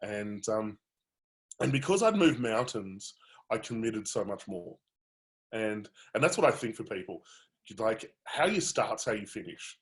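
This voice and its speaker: A man, a coach telling his personal story in a webinar, candid and animated, with many fillers. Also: on the low side, measured pace.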